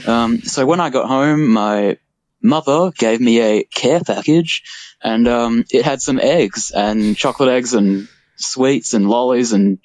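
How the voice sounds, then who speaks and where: A man's voice: medium pitch, measured pace, a little mellow. Brief: young Aussie guy, voice note, rambling and hesitant, lots of ums. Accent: Australian. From Perth, Australia. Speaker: listener submission. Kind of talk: recorded voice message.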